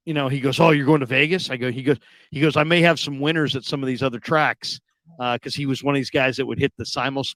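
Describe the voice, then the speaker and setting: A radio host telling a long story in casual chat, acting out the people in it with loud, high outbursts. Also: male voice, dry recording. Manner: animated, acts out quoted people with sudden loud high outbursts.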